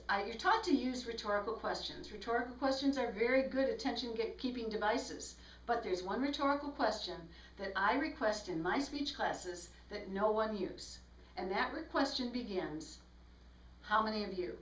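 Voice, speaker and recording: A woman's voice: a little high, recorded from a distance. A woman speech instructor giving a recorded lecture, explaining tips and demonstrating examples aloud. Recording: echoey room, voice from off-mic.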